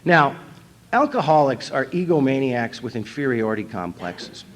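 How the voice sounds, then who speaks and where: A man's voice: medium pitch, big pitch swings, normal speed. A man from North Dakota telling his recovery story at a convention, wry and self-mocking, acting out his own past thoughts. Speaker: recovery meeting speaker. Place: convention hall.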